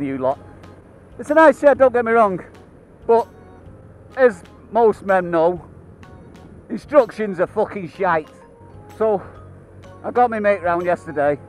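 A man's voice: sits high, poor audio. A man with a British accent chatting casually to camera as a biker vlogger, laughing often, swearing constantly and rambling between asides. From United Kingdom. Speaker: motorcycle vlogger.

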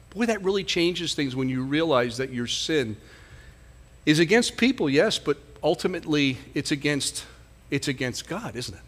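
A man's voice: on the high side, animated, moderate pace. A male pastor giving a conversational sermon, often asking the congregation rhetorical questions.

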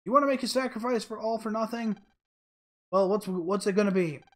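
A man voicing a gruff, impatient boy rival who talks bluntly. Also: high voice, a little fast, fairly bright tone. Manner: brash and blunt. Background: game music.

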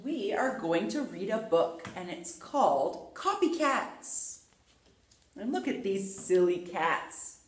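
A woman's voice: mid-range voice, slow pace. A woman preschool teacher giving a playful letter lesson and reading a book aloud to young children. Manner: animated, playful, sing-song. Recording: roomy echo.

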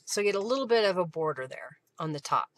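A woman hosting a live craft stream, chatting casually, thanking viewers by name and often clearing her throat. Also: lowish voice, expressive, quick pace, a little hiss or hum.

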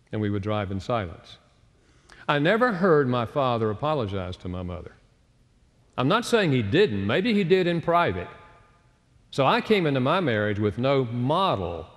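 A man giving a chapel talk, telling stories and acting out quoted voices. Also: mid-range voice. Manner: storytelling, acts out quoted voices. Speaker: speaker. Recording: roomy hall reverb.

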